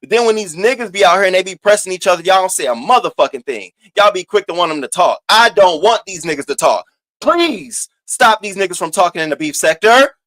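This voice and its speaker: A man hosting a casual gossip commentary, animated and profane, swinging between loud outbursts and low asides. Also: no echo. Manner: sassy, drawn-out emphasis. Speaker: host of a commentary channel.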